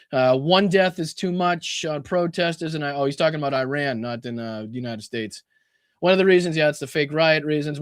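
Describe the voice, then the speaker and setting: A man's voice: on the high side, no room sound, studio quality. A man hosting a podcast, reacting to clips in casual political commentary, incredulous, swearing and laughing as he talks. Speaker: podcast host.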